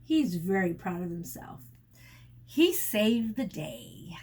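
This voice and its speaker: Animated, breathy woman teacher reading aloud. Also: medium pitch. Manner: pauses to explain words to children; animated, sound effects and asides. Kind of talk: reading a picture book aloud to children.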